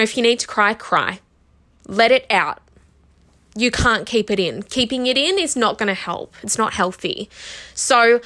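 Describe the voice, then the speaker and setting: Casting: woman, bright clear voice, candid self-help host, emotional, fighting tears. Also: fairly high pitch. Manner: emotional, heartfelt, full of "like" and "you know". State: close to tears. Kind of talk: candid personal monologue.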